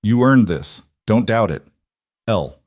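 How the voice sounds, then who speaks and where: A man's voice: fairly low pitch, expressive, slow pace, no echo, clean studio sound. A man reading as a decisive mafia boss. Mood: commanding. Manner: firm, commanding, quietly gentle.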